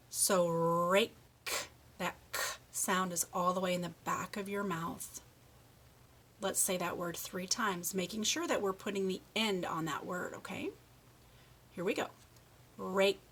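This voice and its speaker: Slow, bright-voiced woman teaching kids. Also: fairly low pitch, slightly rough. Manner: slow, exaggerated, encouraging modeling of word endings. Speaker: speech therapist. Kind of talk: children's speech lesson.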